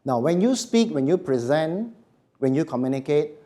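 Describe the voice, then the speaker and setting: A man giving a voice workshop to a live audience, speaking slowly and emphatically and letting his phrases drop quietly at the end. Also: on the high side, lively intonation. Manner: slow, emphatic, dropping to quiet endings. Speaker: voice coach.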